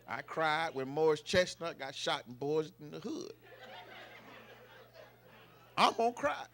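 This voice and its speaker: Middle-aged man, slightly high, gravelly voice, emotional family tribute speech with folksy outbursts. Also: normal speed. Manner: emotional storytelling with folksy loud bursts. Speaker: eldest son giving a birthday tribute. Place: live family celebration event.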